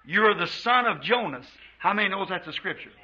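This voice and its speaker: High husky american preacher guy, fervent sermon in a church, muffled old tape sound. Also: lively intonation. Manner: fervent preaching, drawn-out quotes of scripture. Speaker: pastor. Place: church before a congregation.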